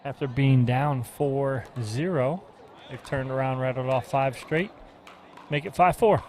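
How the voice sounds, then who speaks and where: Steady male play-by-play caller. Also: medium pitch, unhurried, a little hiss or hum. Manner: steady, calls the score. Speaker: play-by-play commentator. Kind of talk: sports play-by-play commentary.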